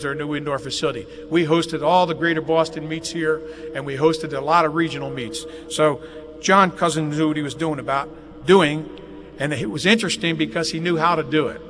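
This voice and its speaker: A man's voice: on the high side, fairly bright tone. An older man giving a folksy, jokey anecdotal speech at a dedication ceremony inside a large athletic facility, recorded on a live webcast. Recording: live webcast, long hall reverb, faint noise.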